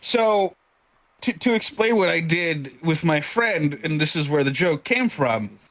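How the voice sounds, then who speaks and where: A man's voice: a little high, animated, unhurried, a bit bright, low-quality recording. A man in his twenties telling a profane stand-up story, with lots of stammered restarts. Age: 20s. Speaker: stand-up comedian. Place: online virtual comedy show.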